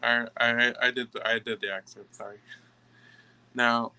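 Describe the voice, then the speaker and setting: A man giving a tarot reading to camera, emphatic and halting, often stopping to restart his sentences. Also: medium pitch, little pitch movement, sharp tone, clean tone, rough recording. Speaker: tarot reader.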